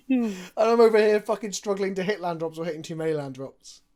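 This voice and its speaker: A young man with a slightly high voice hosts a casual live stream. He thinks aloud about his card game moves and chats with viewers between plays. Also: animated, fast talker, darkish tone. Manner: chatty, answers viewer questions while planning plays.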